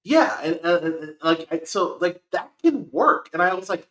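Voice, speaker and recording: A man with a high, bright and forceful voice rants through a movie review, swearing freely and building up steam. His podcast chat rings in a roomy, echoey space. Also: brisk, few pauses. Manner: animated, profane, ranting. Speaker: podcast host.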